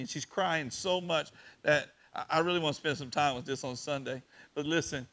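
A man preaching to his congregation, his voice climbing to loud and then sinking to a near whisper. His tone is bright and a little high for a man. He tells the story with open emotion. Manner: emotional, swings between loud and hushed. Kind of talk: sermon.

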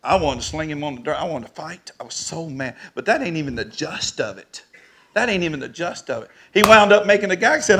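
High gravelly preacher man. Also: brisk, a little hiss or hum. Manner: animated, rising to shouts at the peaks. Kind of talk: storytelling sermon.

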